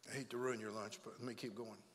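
A male pastor preaching a comic, story-filled sermon to his church, energetic and jokey, repeating himself and acting out voices. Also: lowish voice, fast, in a large hall. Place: church sanctuary.

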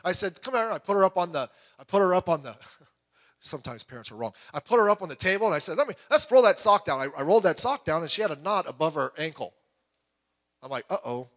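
A middle-aged man preaching a sermon as pastor, animated and acting out quoted voices with sudden jumps in pitch. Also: fast talker.

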